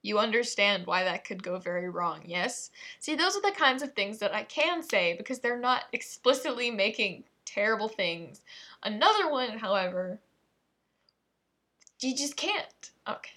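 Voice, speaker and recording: A woman with a medium-pitched, sing-song voice reads tongue twisters at a normal speed, her tone bright and forceful. She comments on them playfully and with mock exasperation, often breaking off mid-sentence for asides.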